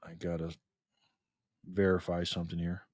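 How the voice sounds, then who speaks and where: A man hosting a live stream and reading out viewer comments in casual chat, excitable and chatty, his pitch and volume swinging widely. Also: moderate pace, no echo, clean studio sound.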